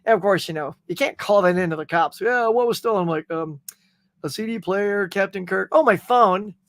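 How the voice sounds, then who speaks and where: A middle-aged man hosting a casual livestream chat, telling animated stories and reading out viewer comments. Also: high-pitched, normal speed, no room sound. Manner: animated storytelling, acting out quotes. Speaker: livestream host.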